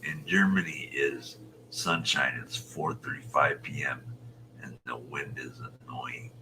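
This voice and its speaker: A man in his sixties from Utah, a show host chatting casually with viewers, rambling and muttering soft half-whispered asides. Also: very deep voice, unhurried, noisy background. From Utah, USA. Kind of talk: casual livestream chat.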